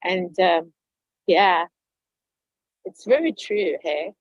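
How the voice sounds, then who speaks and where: A woman hosting a casual group chat over a video call, telling stories in an effusive, animated way with lots of fillers. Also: fairly low pitch, very slow, no room sound, muffled recording.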